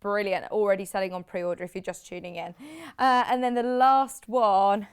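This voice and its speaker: A woman's voice: medium pitch, moderate pace, clean tone. A British woman hosting a live TV shopping show, chatty and rambling, with lots of asides. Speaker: shopping channel host.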